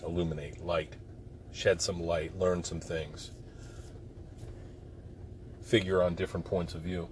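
Deep-voiced rambling man over road noise. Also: flat delivery, unhurried, pauses often. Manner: rambling, profane, with sudden loud outbursts. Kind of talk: casual rambling monologue. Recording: loud road noise behind.

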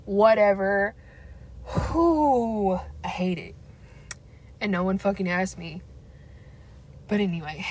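A woman's voice: medium pitch, expressive, slow pace, pauses often, a little mellow. A young woman ranting candidly, blunt and profane and laughing often. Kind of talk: candid casual rant.

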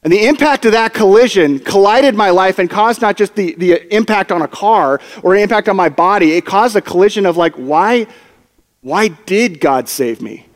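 High-voiced animated preacher in a hall. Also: male voice, fairly quick, hardly any pauses. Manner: animated, comic storytelling with acted-out quotes. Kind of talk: storytelling sermon. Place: church hall. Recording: long hall reverb.

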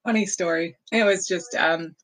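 A woman with a somewhat low voice tells a fond family memory in a loose, rambling way. She laughs often and fills her pauses with ums and uhs. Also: a bit bright, low-quality recording. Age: adult. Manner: rambling, frequent laughter and fillers; fond, nostalgic recollection. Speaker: storyteller. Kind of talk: casual personal storytelling.

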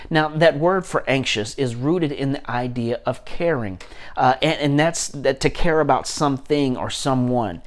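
A man, a pastor, preaching a sermon with emphatic repetition and frequent restarts. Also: on the high side.

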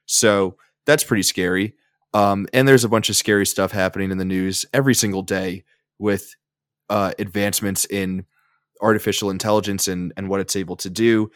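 A man's voice: on the low side, no echo, clean studio sound. A man hosting a casual podcast discussion about a film, rambling with fillers and restarts. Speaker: podcast host.

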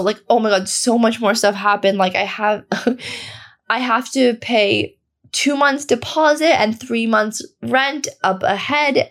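A young woman hosting a self-help podcast. She talks casually and candidly, swears freely and says "like" constantly. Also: a little high. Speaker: podcast host.

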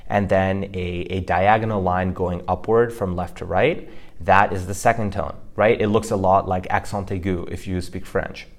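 A man's voice: sits low, fairly even intonation, normal speed. A man co-hosting a language-learning podcast, explaining Mandarin pronunciation casually with frequent fillers. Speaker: podcast co-host teaching Mandarin.

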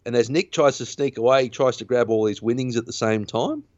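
A man's voice: mid-range voice, fairly quick, darkish tone, no room sound. A man hosting a podcast, casually retelling a film's plot in a rambling way, full of fillers and restarts. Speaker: podcast host. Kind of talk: casual film recap chat. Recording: dull lo-fi dry sound.

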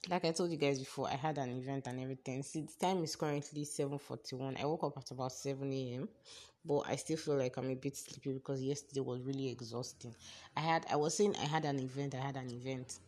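A young Nigerian woman hosting her podcast, telling a story in a chatty, animated, exasperated way with a Nigerian accent. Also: very deep voice, quick pace. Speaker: podcast host. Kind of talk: casual storytelling.

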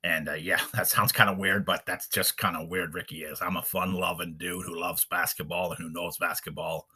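Male podcast host, deep and husky, folksy and rambling. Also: flat delivery, moderate pace, pushed and bright. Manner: rambling, folksy, lots of fillers. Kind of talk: casual unscripted podcast chat.

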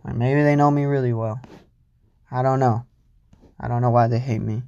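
A man's voice: medium pitch, fairly even intonation, normal speed, creaky, darkish tone, clear, resonant tone, no echo, lo-fi sound. Rambling, cursing young man podcasting solo. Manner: rambling, profane, self-mocking. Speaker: podcast host. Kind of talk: solo casual podcast monologue.

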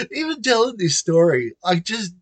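A man with an Australian accent telling a comic personal anecdote, animated and laughing between phrases. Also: high-pitched, no room sound. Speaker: storyteller.

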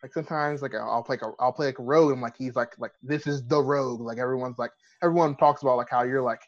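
A man chats loosely on a podcast, circling his points with fillers and restarts. His pitch sits in an ordinary middle range. The recording is slightly dull and lo-fi. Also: fairly even intonation, fast talker. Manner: rambling, many fillers and restarts. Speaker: podcast co-host. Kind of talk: casual chat.

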